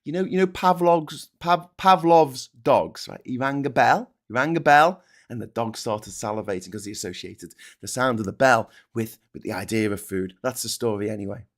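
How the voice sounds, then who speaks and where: A man's voice: medium pitch, normal speed, few pauses, a bit bright. A man ranting in political commentary, sardonic and profane.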